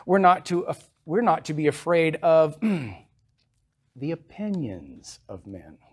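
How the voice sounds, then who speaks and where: A man's voice: a little high, very animated, slow pace, slightly rough. A man preaching a sermon as pastor in a church, reading scripture aloud with emphatic rises and then explaining it in a plain, conversational way.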